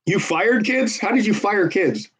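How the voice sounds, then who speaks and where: A man volunteering at a phone bank livestreams casually while making calls, joking with callers and viewers like a persuasive salesman. His high, expressive voice is fairly bright and husky, and he speaks a little slowly. The audio is dull and lo-fi.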